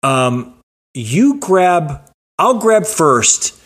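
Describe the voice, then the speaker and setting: A man co-hosting a casual podcast, joking about himself and telling animated stories. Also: a little high, very slow. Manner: self-mocking, playful, animated storyteller. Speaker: podcast co-host. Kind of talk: casual chat and storytelling.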